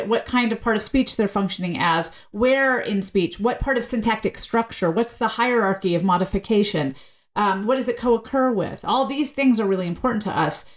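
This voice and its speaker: A woman speaking as a linguist guest in a casual podcast interview, explaining with lively pitch changes and shifting pace. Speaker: university teacher.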